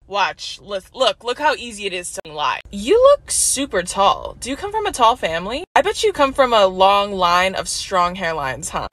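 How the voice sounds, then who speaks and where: A young woman roasting men in a brash, profane comic reaction, breaking into loud laughter between jabs. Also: a little high, no echo. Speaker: TikTok creator roasting men.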